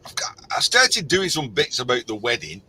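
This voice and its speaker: A man's voice: mid-range voice, normal speed, breathy edge, poor audio. A middle-aged man as a guest, telling stories in a casual chat and acting out the quotes. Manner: animated storyteller, acts out quotes.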